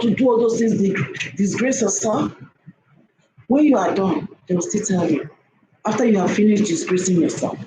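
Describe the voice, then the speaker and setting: A woman giving preachy relationship advice to women, emphatic and repetitive, often checking in with her listeners. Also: a little high. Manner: emphatic, repeats herself, keeps checking in with "okay?". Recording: echoey room with faint noise.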